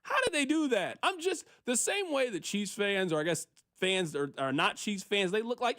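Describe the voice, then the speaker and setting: A man hosting sports talk radio with a high, very lively voice that leaps around. He talks in an animated, mock-exasperated way, often circling back to repeat himself. His pitch sits well above most men's. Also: moderate pace, hardly any pauses, no echo, clean studio sound.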